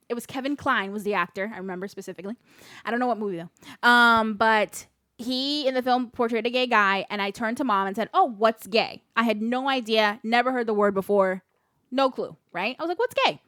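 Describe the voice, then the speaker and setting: A woman's voice: fairly high pitch, moderate pace, sharp tone, clear, resonant tone, dry recording, clean studio sound. A woman co-hosting a podcast, chatting casually, telling stories and laughing often. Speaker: podcast co-host. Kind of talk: casual chat.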